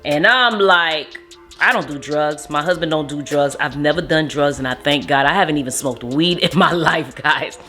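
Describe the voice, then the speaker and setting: A young woman recounts a family story with a lower-pitched voice. She talks casually and animatedly, slipping into the voices of the people she quotes. Soft music plays underneath. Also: moderate pace. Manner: animated retelling, acts out quotes. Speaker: vlogger, mother.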